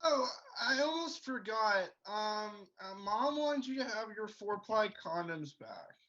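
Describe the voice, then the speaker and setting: A woman's voice: medium pitch, lively intonation, unhurried, fairly bright tone, lo-fi sound. A woman playing a naive kid who overshares in an innocent, matter-of-fact way.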